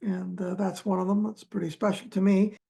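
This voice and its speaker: A man, an archaeologist, telling stories from his digs in a relaxed, halting way, full of fillers and small chuckles. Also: sits high, creaky. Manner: halting, many fillers and restarts, chuckles often. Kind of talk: relaxed storytelling chat.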